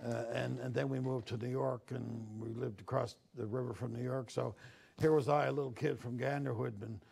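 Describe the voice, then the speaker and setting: A man's voice: mid-range voice, fairly even intonation, fairly quick, vocal fry, darkish tone, husky. An older man from Newfoundland, a newspaper columnist, telling stories of his childhood in a sit-down interview, and acting out the voices he quotes. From Newfoundland, Canada. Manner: reflective storyteller, acts out quoted voices.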